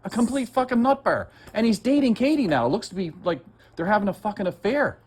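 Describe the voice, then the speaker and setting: A man's voice: high-pitched, expressive, brisk, a little mellow, husky. An agitated man ranting in heated, profane, rambling conversation as he makes a complaint. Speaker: complaining citizen.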